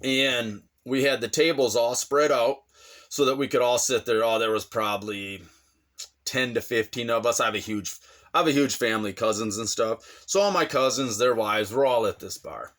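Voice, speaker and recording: A man recounting a night out in a relaxed vlog style. His voice sits at an ordinary pitch but leaps up when he acts out what others said. The delivery is loose and conversational. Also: moderate pace. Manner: animated, acts out quoted voices with big pitch jumps. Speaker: vlogger telling his own story. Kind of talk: casual storytelling.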